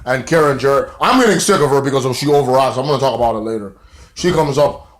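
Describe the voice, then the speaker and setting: A man in a casual video review, rambling through a show recap with loose, profanity-laced slang. His voice sits at an ordinary middle pitch. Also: fast talker.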